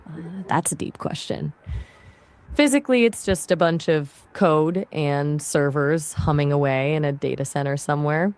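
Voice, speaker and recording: A woman's voice: sits low, moderate pace, darkish tone, smooth. A woman's voice as an AI voice assistant, chatting casually and friendly, answering questions and asking questions back.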